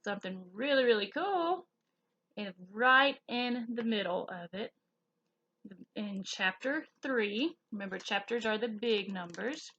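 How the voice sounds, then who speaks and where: Southern woman teaching kids Sunday school. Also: on the high side. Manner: slow, expressive, questions to kids. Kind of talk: children's Bible lesson. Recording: dull lo-fi recording.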